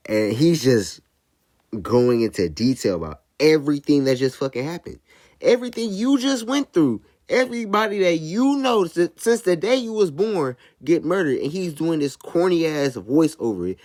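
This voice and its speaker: A man's voice: mid-range voice, no echo, studio quality. Blunt Southern young man ranting. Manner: blunt, profane, animated ranting. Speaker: YouTuber. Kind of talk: casual commentary.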